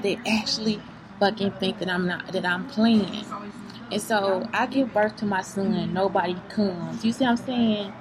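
A woman's voice: mid-range voice, noisy background. A woman giving a rambling, profane, unscripted venting monologue to her viewers, often asking if they see what she means. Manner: heated, profane, keeps asking "you see what I'm saying?"; rambling, circling back on herself.

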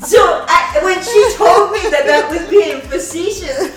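Woman, high voice, animated storyteller, frequent laughter, cursing, roomy echo, distant mic, music underneath. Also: slow. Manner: animated storyteller, laughs often, swears freely. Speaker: podcast co-host. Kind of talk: casual chat.

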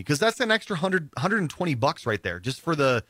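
A man chatting casually on a podcast, telling stories with lively acted-out quotes. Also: medium pitch, fast talker, hardly any pauses, no room sound. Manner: animated storyteller, acts out quoted voices. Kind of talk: casual chat.

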